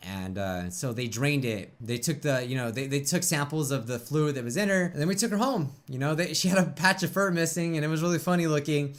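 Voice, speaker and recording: Tearful young man, rambling and halting. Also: a little high. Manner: rambling, halting, with many restarts and tearful pauses. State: tearful, choked up. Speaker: YouTube reaction host. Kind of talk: emotional casual reaction talk.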